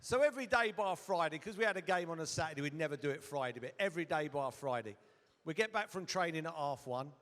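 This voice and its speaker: A man's voice: a little high, animated, fast, a bit bright. A middle-aged man on a hotel ballroom stage telling a rambling comic story with swearing and asides. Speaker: guest storyteller. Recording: hall reverb at a live event.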